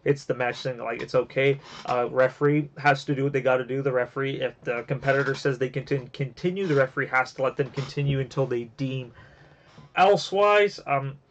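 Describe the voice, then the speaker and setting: A man at a middling pitch talks through wrestling matches in a loose, rambling way, full of fillers and restarts. He sounds emotionally invested in the matches. The recording is muffled and lo-fi. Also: brisk, a little hiss or hum. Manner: gets emotional and teary. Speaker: wrestling reviewer. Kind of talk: casual review podcast. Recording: dull lo-fi home recording.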